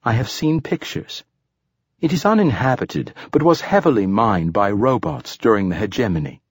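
A man voicing a calm, formal male android companion who speaks in a measured, precise way. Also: mid-range voice, husky, no echo, clean studio sound. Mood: informative.

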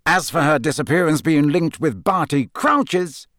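A man's voice: a little high, unhurried, a bit bright, dry recording, clean studio sound, voice pushed up. A man voicing a flustered, pompous government minister who talks in a raised, indignant way.

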